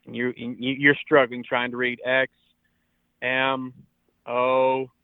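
Over a narrow, tinny phone line with a dry, clean sound, a pastor in his forties gives a radio interview in a preaching tone, earnest and urging and repeating words to press points. Yet his mid-range voice is completely flat in delivery and slow in pace.

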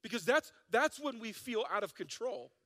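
Pastor, male, from South Dakota; high voice, playful sermon delivery with long church reverb. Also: normal speed. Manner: animated, joking, acts out listeners' voices.

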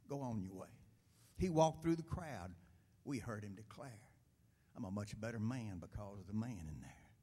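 A man dramatically reciting a poem in church, swinging from loud declarations to hushed whispers. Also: lowish voice, expressive, normal speed, breathy edge.

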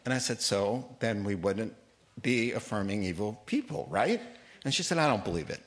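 A man's voice: fairly low pitch, very animated, normal speed. A man teaching a Bible study as a sermon, reading scripture aloud and joking with his listeners, laughing often. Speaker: pastor.

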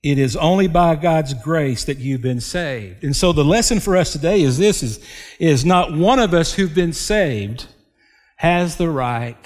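Pastor guy preaching real slow, kinda high voice, lots of long echo from the hall. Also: expressive. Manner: slow, emphatic preaching with dramatic pauses. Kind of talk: sermon.

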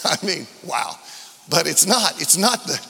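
A man's voice: a little high, big pitch swings, measured pace, gravelly, a little hiss or hum. A man preaching a sermon to his congregation, calling out questions to the room and drawing answers from them. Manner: rising from quiet reflection to loud calls to the congregation. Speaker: pastor. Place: church sanctuary. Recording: long hall reverb from a church.

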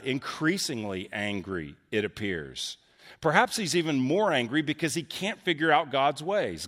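A man's voice: on the low side, a bit bright, in a large hall. A man preaching a sermon in an earnest way, acting out questions with rising emphasis. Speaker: pastor.

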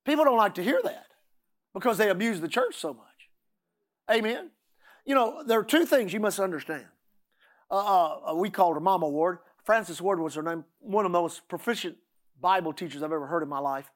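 A man's voice: high voice, expressive, brisk. A middle-aged man preaching a sermon, often repeating words and asking the congregation "Amen?".

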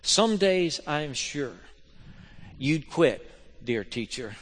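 Man, pastor, sermon, slightly high voice, fervent, loud then hushed, rhetorical questions. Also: big pitch swings, drawn-out words. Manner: swings from loud fervent exhortation to quiet intimate appeals; asks the congregation rhetorical questions.

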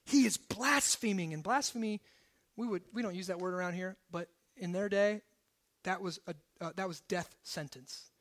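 Male pastor, very high voice, sermon delivery with loud emphatic runs and quiet asides. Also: fairly even intonation, moderate pace. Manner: shifts between forceful emphasis and hushed low asides. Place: church service.

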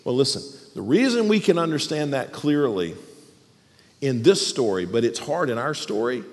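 A man's voice: medium pitch, big pitch swings, normal speed. A man, a pastor, preaching a sermon with emphasis, often repeating words as he presses a point. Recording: long hall reverb.

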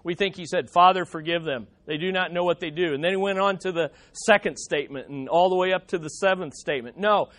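A man's voice: sits high, fast, few pauses, a bit bright. A man preaching a sermon, reading scripture aloud and rising to emphatic quotes. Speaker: pastor.

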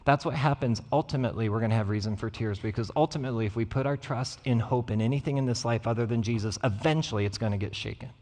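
A man's voice: medium pitch, fast, few pauses, darkish tone. A man, a pastor preaching a sermon, who tells stories and acts out the voices of the people in them. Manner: storytelling, acts out quoted voices. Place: church sanctuary. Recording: church hall reverb.

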